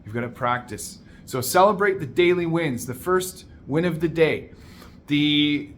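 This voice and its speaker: A man coaching listeners in an energetic, emphatic motivational monologue, calling them "my man". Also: on the high side, unhurried, a little hiss or hum.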